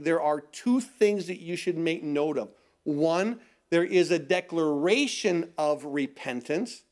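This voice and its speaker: A middle-aged male pastor preaching a sermon, asking rhetorical questions and repeating phrases for emphasis. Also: sits high.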